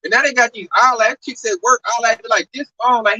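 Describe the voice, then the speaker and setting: High-voiced guy preaching casual, keeps saying man, kinda far from the mic with light hiss. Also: brisk, sharp tone, no room sound. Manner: emphatic and repetitive, keeps tacking on "man". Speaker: religious teacher. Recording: distant mic with faint noise.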